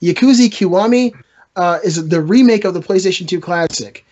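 Male podcast host, high-pitched, loose and joking, muffled lo-fi mic. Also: normal speed, a little mellow. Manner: rambling, joking, trash-talking. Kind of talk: casual gaming podcast chat.

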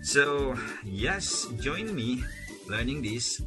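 A man teaching a casual video lesson, explaining step by step and repeating each word slowly. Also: medium pitch, sing-song, over music. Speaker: Arabic teacher.

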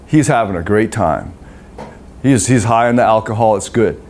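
A man's voice: lowish voice, normal speed, a little mellow, slight background noise. A middle-aged man coaching on relationships in a live seminar, swearing freely and acting out the voices of babies and parents.

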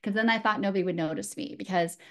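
A woman speaks as a guest, telling a personal story in an earnest, reflective way. Her pitch sits in an ordinary middle range for a woman, and she often pauses, restarts and adds small fillers as she goes. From San Francisco, USA. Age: adult.

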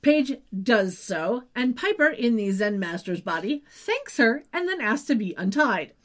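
A woman's voice: a little high, sing-song, unhurried, a bit bright. Chatty woman co-hosting a recap podcast. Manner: chatty, wry asides. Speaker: podcast co-host. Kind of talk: casual recap chat.

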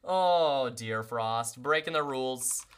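Slow and smooth in a mid-range voice, a game streamer chats casually as they play. They address chat constantly, joke at their own expense, and repeat welcomes to everyone arriving.

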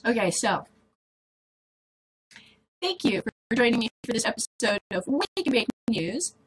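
A woman's voice: mid-range voice, a little hiss or hum, low-quality recording. A middle-aged woman hosting a casual video blog, rambling to the camera with frequent laughter. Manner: chatty, laughs often, drifts between topics. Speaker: vlog host.

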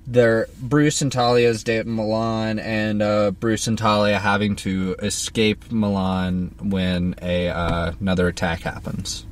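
A man's voice: lowish voice, a little slow, few pauses. A man co-hosting a podcast, chatting casually and narrating a script. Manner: relaxed, with frequent fillers.

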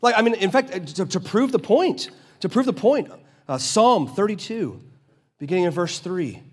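A man preaching a sermon as pastor, casual and conversational, acting out both sides of dialogues and slowing down to read scripture. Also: high-pitched, very animated, breathy edge. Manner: slows down and drops quiet to read scripture.

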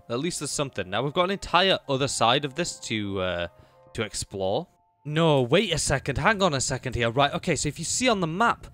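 A young man commentating a video game, excitable, chatting to enemies and pets and swinging from low mutters to high exclamations. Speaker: gaming YouTuber. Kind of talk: live gameplay commentary.

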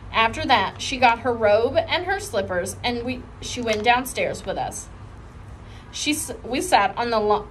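A woman reading a children's chapter book aloud with expressive storytelling. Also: on the high side, slight background noise, poor audio. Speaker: reader.

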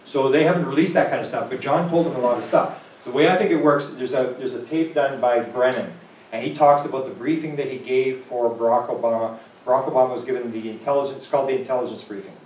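In a lecture hall, a man with a medium-pitched, darkish voice talks fast while answering audience questions at a conference Q&A. He's a UFO researcher telling rambling stories packed with quoted dialogue. The poor audio sounds reverberant, from a distant mic.

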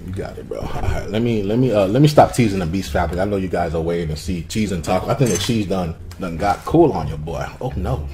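Lively, teasing young dad vlogger. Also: male voice, deep voice, fast, few pauses. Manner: playful teasing, talks while eating. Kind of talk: casual mukbang vlog chat.

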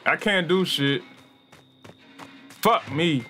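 A man streaming a game live, excitable and swearing a lot as he yells at the game, with game music behind him. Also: on the high side, extremely slow. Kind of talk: live gameplay commentary.

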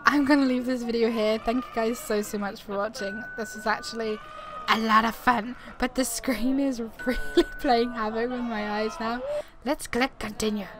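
A woman's voice: a little high, steady tone, normal speed, background noise. A woman doing chatty let's play commentary at home on a desktop mic, narrating her moves and often laughing. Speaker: gaming YouTuber. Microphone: desktop USB mic.

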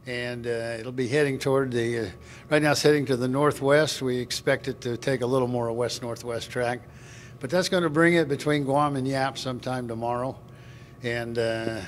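A man giving a storm forecast update, measured and halting with many fillers. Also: medium pitch, slight background noise. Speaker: weather service forecaster.

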